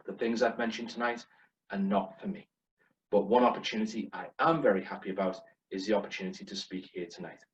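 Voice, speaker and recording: A man's voice: fairly low pitch, fairly quick, a little hiss or hum. A middle-aged man giving a humorous prepared speech at a club contest, with a wry, self-deprecating way of listing things. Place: club meeting room. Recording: distant dull lo-fi room recording.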